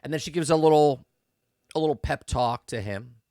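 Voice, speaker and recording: This man hosts a podcast and picks apart a TV episode, rambling and emphatic, incredulous and mocking, regularly asking his audience "okay?" or "right?" His voice sits on the high side with a warm tone and moderate pace. The studio sound is clean, with no room sound.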